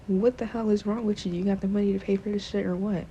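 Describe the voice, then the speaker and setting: Give me a woman voicing a fed-up husband yelling curses, with a mellow tone. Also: mid-range voice, steady tone, quick pace, muffled recording, slight background noise, pitched above the performer's own voice, close to an everyday voice. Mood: angry, exasperated. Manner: shouting, cursing, exasperated. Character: irate profane husband, a grown man.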